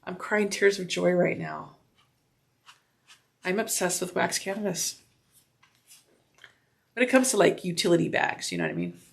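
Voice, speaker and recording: A woman giving a casual sewing demonstration, gushing and excitable and talking to herself as she works in a home sewing room, sometimes drifting away from the mic. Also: on the low side, unhurried, gravelly, pauses often. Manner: gushing and excitable, talks to herself while working.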